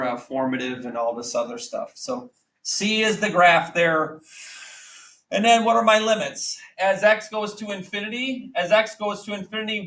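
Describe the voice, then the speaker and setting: A man teaching a math lesson to a class, quizzing students with quick repeated questions. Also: high voice, a bit bright. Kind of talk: classroom lecture. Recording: echoey classroom, mic at a distance.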